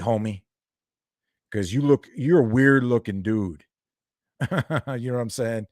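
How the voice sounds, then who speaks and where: A man's voice: mid-range voice, slow pace, pauses often, a little mellow, no room sound, studio quality. A young man doing a heated, profane reaction video, ranting and calling people out. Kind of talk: angry reaction commentary.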